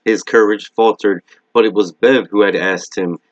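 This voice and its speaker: Low-voiced man reading a novel aloud. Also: steady tone, normal speed, dry recording. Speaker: reader. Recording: dull lo-fi recording.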